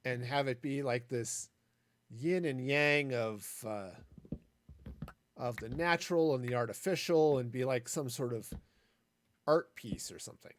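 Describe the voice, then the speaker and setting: A man's voice: medium pitch, a little slow, pauses often, dry recording. A man streaming a building game, talking through his plans in a rambling way with jokey asides. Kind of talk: casual gameplay commentary.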